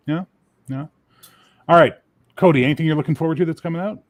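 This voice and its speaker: A man chatting casually on a gaming panel, opinionated and lively, now and then dropping into comic accents. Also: fairly high pitch, fast talker, a little hiss or hum. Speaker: game designer on a panel. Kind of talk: casual podcast chat.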